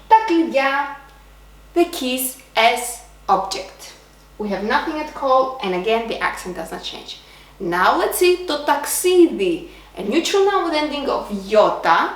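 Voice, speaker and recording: A woman teaching a beginner language lesson, explaining slowly and repeating examples. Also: fairly high pitch, a bit bright, roomy sound.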